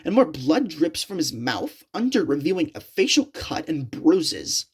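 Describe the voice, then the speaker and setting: Slow, husky woman telling a creepypasta. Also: deep voice, very animated. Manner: slow, halting storytelling. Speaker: storyteller. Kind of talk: reading a creepypasta story.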